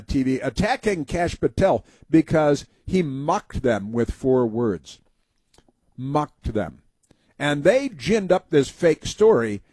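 A man's voice: mid-range voice, darkish tone, dry recording. A man hosting a talk radio show, delivering sarcastic, mocking commentary full of "uh" fillers.

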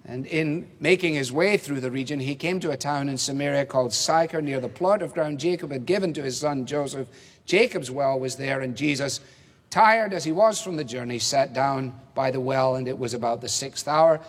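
A man preaching an expository sermon, measured and emphatic, posing rhetorical questions. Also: medium pitch. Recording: reverberant hall.

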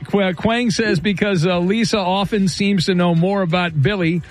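A man hosting a radio talk show, brisk and wisecracking as he reads out listener questions. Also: sits high, fairly even intonation.

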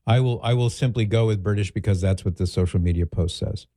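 Relaxed, mellow-voiced man hosting talk radio. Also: fairly low pitch, quick pace, no room sound. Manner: relaxed, conversational, with fillers and asides. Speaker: radio host.

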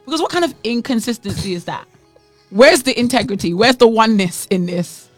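British woman co-host, casual Christian chat, teasing, slightly high voice, dry sound, faint music behind. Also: expressive, fairly quick, no echo. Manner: playful, teasing, preachy asides.

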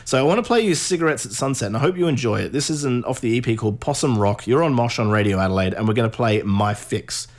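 A man's voice: medium pitch, expressive, fast talker, hardly any pauses. A young man hosting a music radio show, talking in a loose, rambling way and swearing now and then. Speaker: radio host. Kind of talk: casual radio chat.

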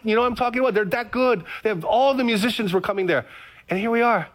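A man's voice: very high-pitched, fast talker. A middle-aged male pastor giving a sermon, telling stories with jokes and repeated phrases. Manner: animated storytelling, joking and repeating phrases.

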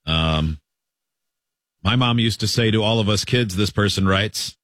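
A man's voice: lowish voice, unhurried, pauses often, a bit bright, dry recording, clean studio sound. A man hosting a casual radio show, reading listener texts with playful put-on voices.

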